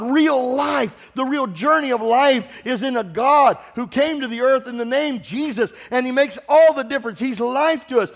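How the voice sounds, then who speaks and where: A man preaching a sermon in a church, impassioned and swelling into shouts, putting direct questions to the congregation. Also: extremely high pitch. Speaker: pastor.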